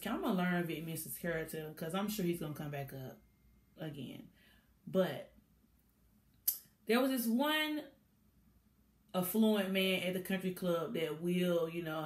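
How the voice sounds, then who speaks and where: A woman recapping a TV episode in a casual, animated way, laughing and acting out the scenes as she goes. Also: medium pitch, echoey room. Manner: animated, chatty storytelling with bursts of laughter. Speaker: TV show reviewer.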